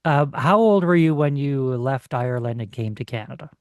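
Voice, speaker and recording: A man hosting a radio interview show, reading his introduction in a lively announcer tone. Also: mid-range voice, moderate pace, clean tone, no room sound.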